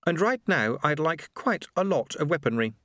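A man reading an audiobook, voicing a fierce, sharp-tongued young woman who gives curt commands. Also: on the high side, very animated, normal speed, no room sound, studio quality, pitched above the performer's own voice. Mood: cool, scornful.

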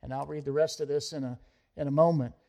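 A middle-aged man preaches an expository sermon, working through a Bible passage verse by verse. His voice sits a little high for a man. He reads the scripture aloud and lifts it with rising emphasis. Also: fairly even intonation, fast talker, vocal fry, warm tone. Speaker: pastor.

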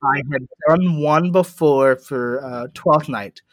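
A man's voice: mid-range voice, no echo. Rambling young male host, dry mic. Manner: rambling, halting with many fillers. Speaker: podcast host. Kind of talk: casual chat.

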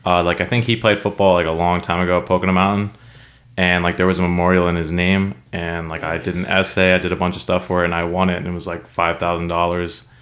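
A young man with a very low, deep voice shares memories on a casual podcast. He speaks softly and haltingly, leaning on fillers as he goes. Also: flat delivery. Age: young adult. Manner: soft-spoken, hesitant, many fillers. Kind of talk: casual chat.

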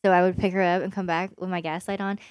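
Young woman podcast chatting, lively storyteller, laughs a lot, dry close sound. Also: fairly low pitch, fast, no echo, muffled recording. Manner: animated storytelling, laughs often, quotes herself. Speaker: podcast co-host. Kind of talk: casual chat.

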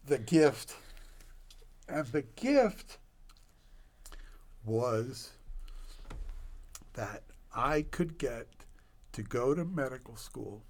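A man in his sixties, a physician guest on a podcast, telling stories with animated delivery and sound effects. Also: medium pitch, drawn-out words, pauses often. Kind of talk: podcast storytelling.

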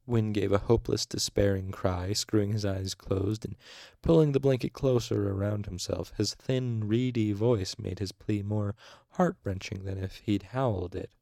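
A man reading a novel aloud in the first person at a steady, measured pace. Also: lowish voice, no room sound, studio quality. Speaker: audiobook reader.

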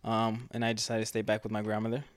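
A man's voice: on the low side, completely flat delivery, fast talker, dry recording, studio quality. A man co-hosting a casual fitness podcast as a trainer, rambling with lots of fillers like "you know" and "right".

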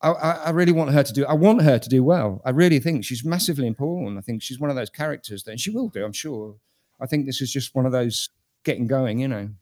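A British man talks through an album in a relaxed panel chat. His opinions are blunt and frank, and he often repeats words while he gathers his thoughts. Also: medium pitch, fast talker. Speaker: music critic. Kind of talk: casual panel discussion.

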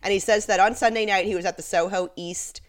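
A woman's voice: medium pitch, steady tone, quick pace. A woman co-hosting a podcast in casual chat, sarcastic and laughing often. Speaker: podcast co-host.

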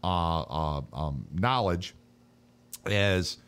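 A man's voice: deep voice, expressive, drawn-out words, fairly bright tone, clean tone. A man co-hosting a casual chat show, talking in a laid-back, rambling, profane way. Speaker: podcast co-host.

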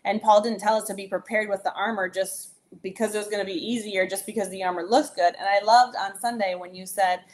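A woman co-hosts a relaxed Bible discussion, speaking at an ordinary pitch and pace. She offers thoughtful reflections and affirms her partner's points. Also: a little fast, hardly any pauses. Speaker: co-host.

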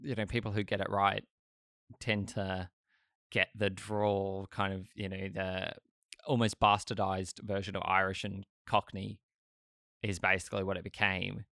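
An Australian man talks in a relaxed, rambling way, full of fillers and restarts. His voice sits a little low but sounds bright and forward. The sound is dry and close. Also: measured pace, creaky, no room sound. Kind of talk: casual chat.

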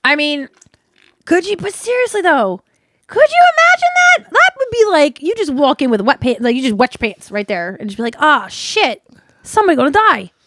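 Woman co-host, high and bouncy, giggly, dry close sound. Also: very animated, fairly quick, a bit bright, no room sound. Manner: giggly, exclaims often, retells spooky lore. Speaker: podcast co-host. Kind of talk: casual chat.

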